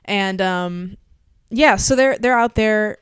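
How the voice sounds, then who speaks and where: A young woman from Texas co-hosts a podcast and tells family stories in a loose, chatty way, full of fillers and laughter. Her voice is smooth and clear, at a middle pitch. The sound is dry and close. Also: slow, no room sound. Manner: chatty storyteller, laughs often, lots of fillers. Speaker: podcast co-host. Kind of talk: casual chat.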